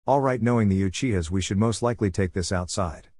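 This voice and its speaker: A man's voice: on the low side, fast, a little mellow, no echo, natural voice. A man voicing a patient adult ninja teacher in a read-aloud story.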